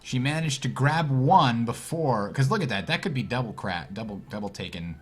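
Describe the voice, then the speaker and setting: A man casting a card game tournament, thinking out loud and reacting with puzzled surprise. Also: medium pitch, moderate pace, husky, soft background music. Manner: thinks aloud, puzzled and animated. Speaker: tournament commentator. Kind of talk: casual game commentary.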